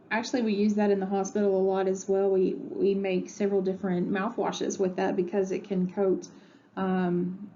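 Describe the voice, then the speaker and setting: A woman with a medium-pitched, dark voice gives a recorded pharmacy lecture from a room at home, speaking conversationally and filling gaps with lots of ums and uhs. The audio is dull and lo-fi, with faint background noise.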